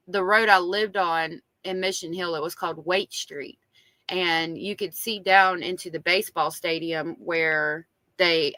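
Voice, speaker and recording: A woman's voice: on the low side, bright, forceful tone, no echo. A woman with a strong Southern accent, reading diary entries aloud on a true crime live stream and chatting with viewers in between. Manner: chatty, reads diary aloud and reacts to chat.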